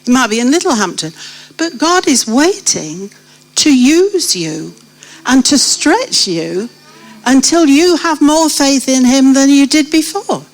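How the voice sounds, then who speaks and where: A woman's voice: high voice, sing-song, a little slow, low-quality recording. A British woman telling her story of faith to a church gathering, putting questions straight to her listeners. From Britain. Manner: vivid storyteller who addresses the listeners directly with questions. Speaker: guest sharing her testimony. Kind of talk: testimony told to a church congregation.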